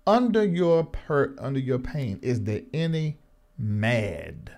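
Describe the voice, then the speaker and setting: A man hosting a talk show, probing his guest with expressive questions. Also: medium pitch, takes it slowly, vocal fry.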